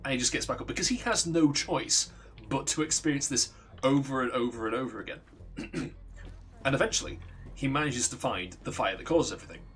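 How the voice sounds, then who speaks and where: Brisk and fairly bright in tone, a young man's mid-range voice carries a long, casual backstory on his livestream. The telling is rambling and profane, and he repeatedly interrupts himself to start sentences over.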